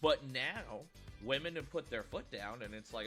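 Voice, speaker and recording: A man's voice: mid-range voice, lively intonation, normal speed, few pauses, fairly bright tone, soft background music. A man hosting a reaction video, rambling casually with many restarts and laughs. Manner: rambling, repeats words, laughs often.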